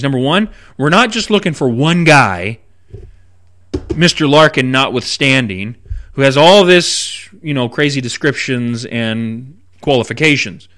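A man's voice: on the high side, pushed and bright. A man who is a preaching minister, teaching the Bible on a radio broadcast with emphatic delivery and wry asides.

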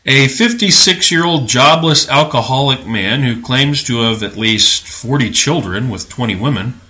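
A man's voice: mid-range voice, expressive, measured pace, bright, forceful tone. A man hosting a religious commentary podcast, with a sarcastic, preachy, emphatic and indignant delivery. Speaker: podcast host.

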